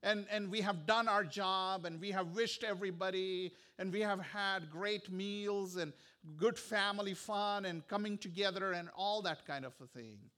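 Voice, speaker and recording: A male pastor delivering a sermon with earnest, repetitive phrasing that sometimes drops to a hushed tone. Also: sits high, normal speed. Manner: earnest, repetitive preaching with soft, hushed stretches.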